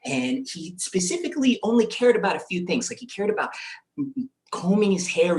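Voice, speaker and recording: A man, from the Bronx, telling a comic personal story to an audience and acting out his own inner voice. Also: a little high.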